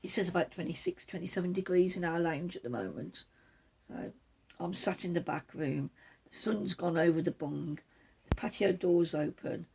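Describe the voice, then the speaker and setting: A woman's voice: fairly low pitch, gravelly, warm tone, breathy edge. A woman hosting a knitting podcast from the back room of her home, chatting casually and wandering off topic now and then. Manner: rambling, self-deprecating, digresses. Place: back room at home, patio door open.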